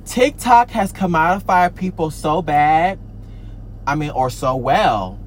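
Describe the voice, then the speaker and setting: A man's voice: a little high, lively intonation, takes it slowly, a little hiss or hum. A man, an artist, ranting angrily to camera, swearing often, repeating himself, stammering and trailing off. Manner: heated, profane, repetitive rant with many restarts; trails off with "I don't know" and stammers. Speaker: artist and social media creator. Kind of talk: ranting vlog.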